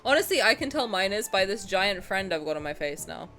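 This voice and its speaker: A woman's voice: medium pitch, very animated, brisk, a bit bright, soft background music. A young woman streamer chatting casually with her viewers as she reacts, gushing and often breaking into laughter.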